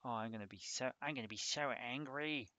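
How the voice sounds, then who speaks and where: A man's voice: mid-range voice, brisk, sharp tone, dry recording. A man on a casual live stream, rambling and joking while he thinks aloud about a hardware design.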